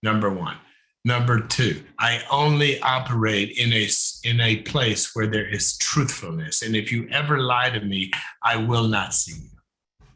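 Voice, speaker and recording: A man imitates an elderly German therapist with a thick German accent. He lays down his rules in a firm, measured way, his voice bright and forceful. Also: mid-range voice. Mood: stern. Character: very old German male therapist mentor, stern.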